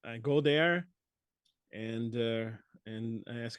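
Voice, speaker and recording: A man's voice: medium pitch, slow pace, clean tone, no echo. A man playing a tabletop role-playing game, speaking hesitantly and often restarting his sentences. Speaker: player. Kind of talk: casual tabletop role-play.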